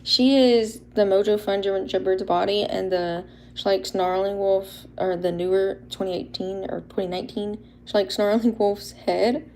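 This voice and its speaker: Young woman, gravelly fry, shy and bubbly livestream host, faint room hiss behind. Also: medium pitch, fairly even intonation, unhurried, hardly any pauses, dark tone. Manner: bubbly and a little shy, laughs often. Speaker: livestream host showing custom toy figures. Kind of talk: casual livestream chat.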